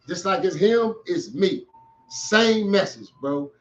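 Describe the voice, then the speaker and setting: A man's voice: high voice, animated, slow pace, lo-fi sound. A middle-aged man hosting a podcast, giving an emphatic motivational talk to young listeners in heavy street slang. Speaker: podcast host.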